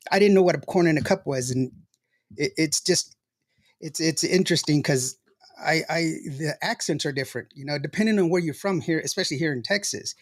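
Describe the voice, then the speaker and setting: Man, fairly high voice, chatty host, laughs a lot, casual stream talk. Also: brisk. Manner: chatty, laughs often, tells anecdotes. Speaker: show host. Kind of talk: casual livestream chat.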